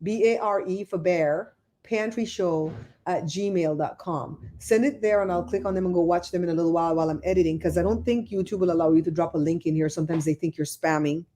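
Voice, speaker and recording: A middle-aged woman hosting a casual livestream from home, chatting and telling stories in an animated way. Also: lowish voice, brisk. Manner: chatty, animated storyteller reading chat. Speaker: livestream host.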